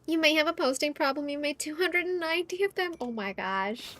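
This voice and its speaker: Woman streamer, giggly and playful, high voice, casual gameplay chatter. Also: brisk, fairly bright tone.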